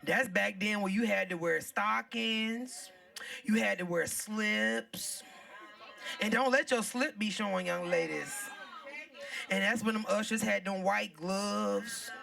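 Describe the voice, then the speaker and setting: Woman, comedy host, bright tense voice, mic a bit far off. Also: medium pitch, slow, gravelly. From Southern United States. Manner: loud, playful, laughing, talks to the crowd. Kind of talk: live stand-up hosting. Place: live comedy show venue.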